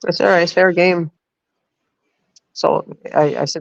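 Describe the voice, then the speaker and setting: Woman streamer, chatty rambling storyteller, gravelly voice, close and dry on a lo-fi stream mic. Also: fairly low pitch, moderate pace, dry recording. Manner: rambling, full of fillers, reads chat aloud. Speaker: livestream host. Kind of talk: casual storytelling on a livestream. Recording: dull lo-fi stream audio.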